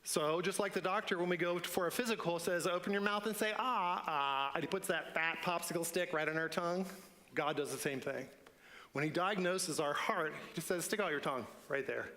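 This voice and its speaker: A man's voice: a little high, brisk, pushed and bright. A man preaching a sermon in a church, earnest and building to emphatic repeated lines. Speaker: pastor. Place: church sanctuary. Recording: long church hall reverb.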